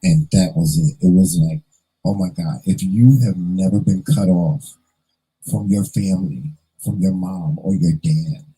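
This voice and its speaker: A man's voice: low-pitched, a little slow, warm tone, husky, poor audio. A man vlogger telling a personal story in an earnest, emotional way, fighting back tears and repeating phrases for emphasis.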